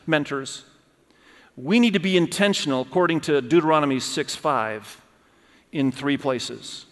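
A man's voice: a little high, a bit bright. A middle-aged man preaching a sermon as pastor, earnest and emphatic, driving home key phrases by repeating them. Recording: long reverb of a large hall.

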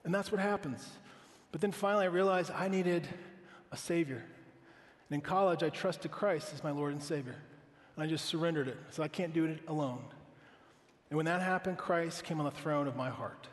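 Earnest pastor preaching in a reverberant hall. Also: male voice, fairly high pitch, normal speed. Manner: earnest, conversational preaching with rhetorical questions. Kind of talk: sermon.

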